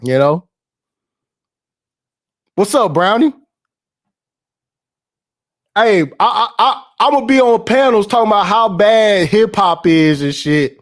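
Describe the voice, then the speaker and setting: A man's voice: high voice, animated, slow, long pauses. A young man hosting a casual stream, ranting in heavy slang with lots of swearing, repeats and laughs. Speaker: podcast host. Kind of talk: casual livestream rant.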